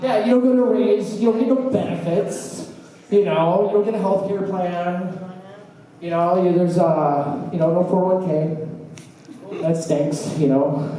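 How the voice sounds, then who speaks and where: A man doing a stand-up set at an open mic, with a halting, meandering delivery full of fillers and trailing asides. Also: a little high. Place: small bar open mic stage, indoors. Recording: echoey bar from a distant camera with faint room noise.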